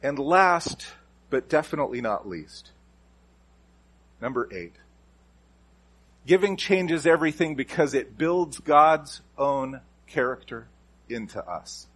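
A man's voice: fairly high pitch, lively intonation, slow pace, long pauses, fairly bright tone, breathy edge. A man preaching a sermon as a pastor, emphatic and repeating key phrases with shifting stress.

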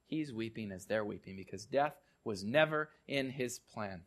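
A male pastor preaching a sermon and telling stories, often repeating words and dropping to quiet, soft tones. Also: on the low side, lively intonation, normal speed.

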